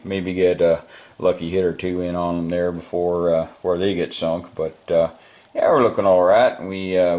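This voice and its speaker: A man's voice: sits low, darkish tone, close to an everyday voice. A man voicing an easygoing American general with a put-on Texan drawl, rambling and folksy.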